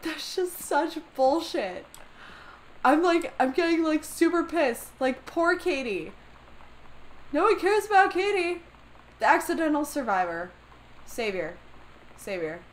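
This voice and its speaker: High-voiced woman ranting through a game. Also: animated, a little slow, long pauses, a little hiss or hum, rough recording. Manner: profane, exasperated ranting. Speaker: gamer playing a story game. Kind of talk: let's play commentary.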